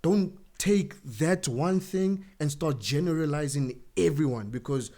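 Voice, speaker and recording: A man of Congolese background living in South Africa, a podcast guest speaking earnestly in casual chat, slangy, with halting restarts. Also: on the high side, dark tone. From Congolese community in South Africa.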